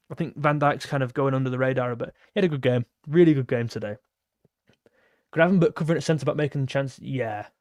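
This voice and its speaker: A man's voice: fairly high pitch, darkish tone, no echo, studio quality. Chatty young man on a fan livestream. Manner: chatty, reads out fan messages and thanks donors. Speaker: football channel host reading donations. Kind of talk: casual livestream chat.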